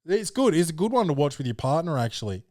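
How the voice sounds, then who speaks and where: A man's voice: a little high, sing-song, fast talker, a little mellow, dry recording, studio quality. A young man, a podcast host and comedian, chatting casually in a loose, slangy, jokey way.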